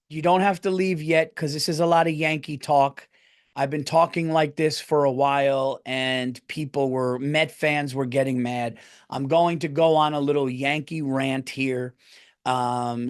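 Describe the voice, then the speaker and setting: A middle-aged man hosting his podcast in a casual, rambling way, getting heated and swearing as he rants. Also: mid-range voice. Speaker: podcast host. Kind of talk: casual comedic rant.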